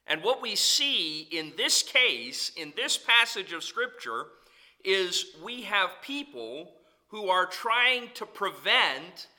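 A man preaching as a pastor, swinging between loud calls and soft, low asides. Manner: preaching with sweeping rises and drops in pitch and volume. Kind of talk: sermon.

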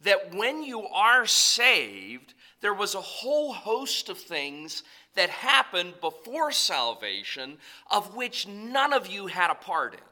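A man's voice: sits high, bright, forceful tone. A man preaching a sermon, emphatic and conversational, repeating key points and turning to address the congregation directly.

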